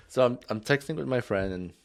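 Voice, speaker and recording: A man chatting casually on a beer podcast, his voice rising and falling in a lively way as he tells a story. He laughs easily between his sentences. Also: medium pitch, moderate pace, creaky. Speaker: podcast co-host. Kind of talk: casual chat over beers.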